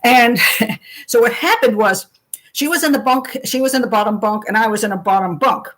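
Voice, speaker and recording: An older woman tells a story on a live stream in a chatty, animated way, slipping into the voices of the people she quotes. Her voice sits a little higher than most women's. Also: normal speed, rough recording. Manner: chatty and animated, acts out quotes, laughs often.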